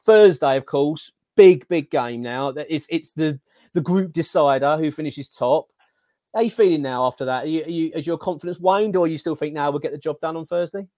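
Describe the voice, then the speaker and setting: A man's voice: fairly high pitch, normal speed, no room sound, studio quality. A man, hosting a casual football podcast and ranting animatedly, stumbling over his words. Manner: animated, ranting, filler-heavy. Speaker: podcast host.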